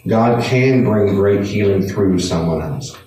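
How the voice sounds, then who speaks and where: A man's voice: lowish voice, takes it slowly. A man leading a Bible study in a conversational, earnest way, repeating points for emphasis. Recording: echoey room, distant mic, faint noise.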